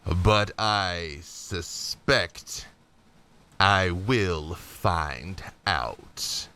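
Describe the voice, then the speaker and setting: A man voicing a menacing undead knight lord who speaks slowly in archaic phrasing. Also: deep voice, bright, forceful tone, smooth, pitched below the performer's own voice, heavily acted. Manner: slow, measured, archaic speech.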